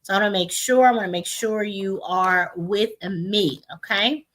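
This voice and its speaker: A woman teaching parents how to split long words into syllables, explaining step by step, sounding out words slowly and often checking in with "right?". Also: medium pitch, fairly bright tone. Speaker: literacy instructor. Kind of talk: parent education webinar.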